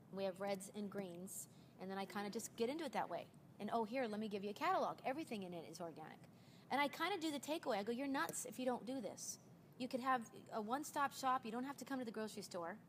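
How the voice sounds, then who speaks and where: A woman's voice: medium pitch, quick pace, slight background noise. Chatty woman in her forties. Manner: chatty storyteller acting out quoted dialogue. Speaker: recruiter sharing sales tips. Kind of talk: casual chat.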